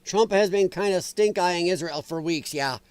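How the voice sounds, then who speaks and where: A man hosting a casual political commentary livestream, rambling and quick to laugh while he reads the chat. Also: sits high, smooth, no room sound. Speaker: livestream host reading chat.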